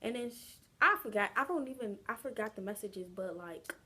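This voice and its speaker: A woman's voice: medium pitch, expressive, a little fast, bright, forceful tone, slightly rough. A young adult woman telling a casual storytime vlog, chatty and slangy, drawing the story out. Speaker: vlogger.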